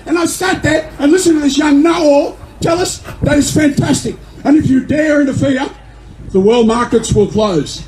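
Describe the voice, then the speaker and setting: An older Australian man speaking as a member of parliament at a rally, with a fiery, indignant delivery that often breaks into shouting. His voice sits very high for a man but has a mellow tone. The recording is echoey, with faint noise behind him. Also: normal speed. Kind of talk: rally speech.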